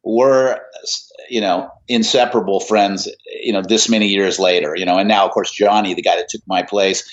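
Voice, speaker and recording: A man's voice: fairly low pitch, steady tone, normal speed. A middle-aged man, a musician, telling rambling stories in a casual interview, full of fillers and restarts. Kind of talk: casual anecdotal storytelling. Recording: dull lo-fi audio.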